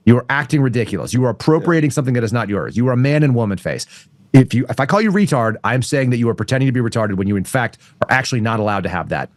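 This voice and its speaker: A man's voice: mid-range voice, animated, racing, no echo, studio quality. A middle-aged man talking bluntly and profanely as a guest in a casual chat, riffing at length.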